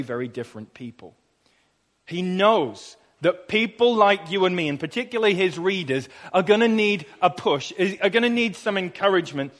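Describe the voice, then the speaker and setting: A man's voice: sits high, fairly bright tone. A young man preaching a sermon in a conversational way, asking rhetorical questions and repeating phrases for emphasis. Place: church. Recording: long reverb of a church hall.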